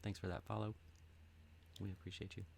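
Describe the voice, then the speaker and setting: A man's voice: deep voice, flat delivery, a little fast, gravelly, no room sound. A man co-hosting a stream, chiming in with laid-back, joking side remarks. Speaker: stream co-host. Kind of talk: casual chat.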